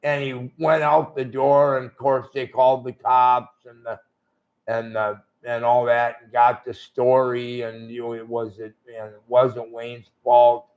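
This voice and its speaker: The audio is dull, and the older ex-wrestler's mid-range voice shows little pitch movement at a measured pace. Interviewed as a guest, he wanders through blunt, profane shoot-style stories.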